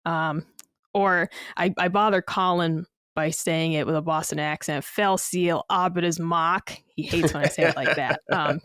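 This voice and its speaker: A woman's voice: sits low, level tone, moderate pace, fairly bright tone, no room sound, clean studio sound. A woman co-hosting a casual gaming podcast, rambling with many fillers and casual swearing. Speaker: podcast co-host.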